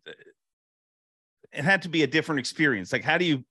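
A man hosting a casual interview chat, asking relaxed questions of a guest. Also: fairly high pitch, normal speed, no echo, clean studio sound. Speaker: interview host.

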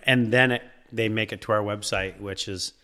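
A man's voice: fairly low pitch, fairly even intonation, moderate pace, sharp tone. A man in his thirties from Iowa, a seed company co-founder chatting easily as a podcast guest. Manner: easygoing, rambling with fillers. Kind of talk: casual podcast interview.

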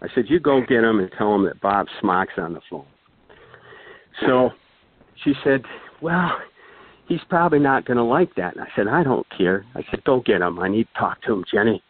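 A man's voice: lowish voice, animated, fairly quick, breathy edge, dry recording. An older man tells a long story in a casual, rambling way, full of fillers and restarts. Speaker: guest storyteller. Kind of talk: casual anecdote telling. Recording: dry, phone-like thin sound.

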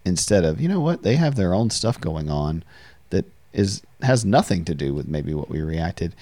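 A man with a very low, mellow voice hosts a podcast conversation. He talks reflectively and often circles back over his own words. The sound is close and dry. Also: sing-song, moderate pace, no echo. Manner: reflective, repeats words as he speaks. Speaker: podcast host and counselor. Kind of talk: casual conversational podcast talk.

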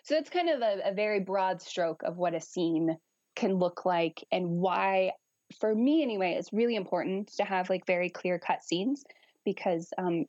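A woman's voice: fairly low pitch, dry recording, lo-fi sound. Frank, laughing woman talking about kink. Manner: frank, animated, laughs often, swears. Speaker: guest kink educator. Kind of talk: casual podcast chat.

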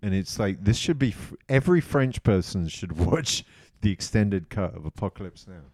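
A man co-hosting a podcast, telling stories in an excitable, rambling way with lots of restarts. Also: on the low side, normal speed, dry recording, clean studio sound. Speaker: podcast co-host. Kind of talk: casual chat.

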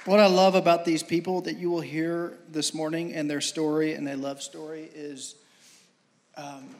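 Guy pastor talking between speakers, kinda halting, somewhat high voice, echoey hall. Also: level tone, darkish tone, some chatter behind, slight background noise. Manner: halting, repeats words, friendly. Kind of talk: church service hosting.

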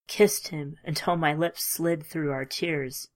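Slow, low-voiced woman narrating a story. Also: fairly even intonation. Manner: measured, emotive, at times hushed. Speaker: audiobook narrator. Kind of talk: scripted audiobook narration.

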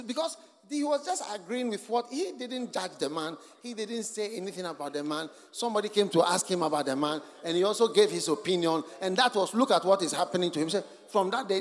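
A man preaching a sermon at a church conference, telling stories and acting out the people he quotes, swinging from hushed asides to shouting. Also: high-pitched. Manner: storytelling, acts out the people he quotes. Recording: long hall reverb.

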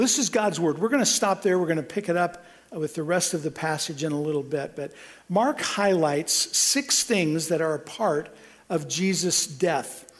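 A middle-aged man from Kansas preaching a sermon, earnest, with frequent restarts and a voice that rises for emphasis. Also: fairly high pitch. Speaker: pastor.

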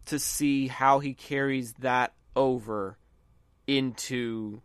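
A man's voice: medium pitch, fairly even intonation, slow, clear, resonant tone, no room sound, clean studio sound. A man from the American South co-hosting a podcast, chatting casually and enthusiastically about movies, often restarting his phrases. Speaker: podcast co-host.

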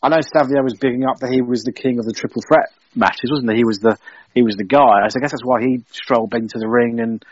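A man talks on a podcast, stammering through restarts in an exasperated tone. His voice is slightly husky. The sound is dry and muffled. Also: mid-range voice, steady tone, fast, dry recording. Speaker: podcast co-host. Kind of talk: casual wrestling review chat.

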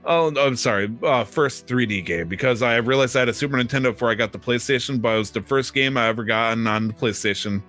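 A man talks loosely and at length on a podcast, full of fillers and restarts. His voice is bright and forceful, set at an ordinary pitch. Faint music plays underneath. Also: quick pace, few pauses. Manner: rambling, lots of fillers and restarts. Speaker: podcast co-host. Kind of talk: casual chat.

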